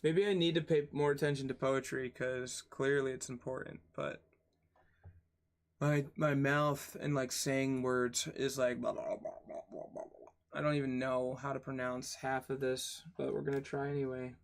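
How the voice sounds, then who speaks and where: A young man reads a textbook aloud on his channel at normal speed, his medium-pitched voice barely moving in pitch. He stumbles on tough words, spells them out letter by letter, and grumbles and curses between passages in casual asides.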